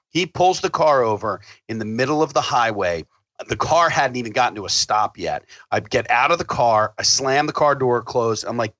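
Brash, bright-voiced man telling stories. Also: medium pitch, moderate pace, no room sound, muffled recording. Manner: profane, animated storyteller acting out quotes. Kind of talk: casual storytelling chat.

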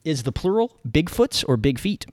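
A man co-hosting a casual movie review podcast, chatty and quick to laugh. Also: on the high side, big pitch swings, darkish tone, no room sound, clean studio sound. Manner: chatty, laughs often, repeats words. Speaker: podcast co-host.

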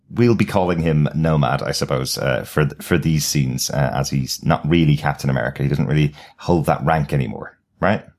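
A man co-hosting a podcast, calmly explaining details in a casual film review chat. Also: a bass voice. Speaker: podcast co-host.

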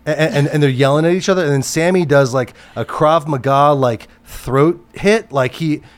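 Male producer telling a story on a talk show, slightly high voice, rambling, frequent restarts, curses a lot. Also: moderate pace, smooth. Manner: rambling, many restarts and fillers, swears freely. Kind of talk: casual storytelling chat.

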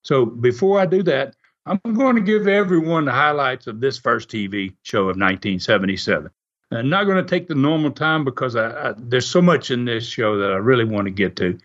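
A man telling stories in a casual, animated way, laughing often and acting out what others said. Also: medium pitch, a little fast. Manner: animated, laughs often, acts out quoted voices. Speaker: guest recounting wrestling TV history. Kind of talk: casual storytelling. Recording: muffled lo-fi audio.

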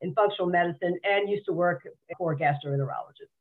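A woman's voice: fairly low pitch, fast. A woman guest on a podcast, frankly and earnestly telling her own story, often repeating words as she goes. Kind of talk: candid personal interview. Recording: tinny phone-like remote line.

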